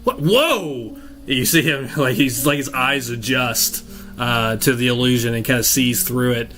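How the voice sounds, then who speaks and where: A man's voice: mid-range voice, little pitch movement, normal speed, pushed and bright, slight background noise. A man narrating as game master of a tabletop game, loose and chuckling as he describes the scene.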